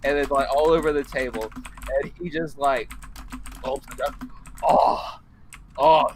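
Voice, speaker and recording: A man's voice: mid-range voice, moderate pace, a little hiss or hum, poor audio. A man playing a tabletop role-playing game, describing his character's actions casually, swearing and laughing often. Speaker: tabletop player.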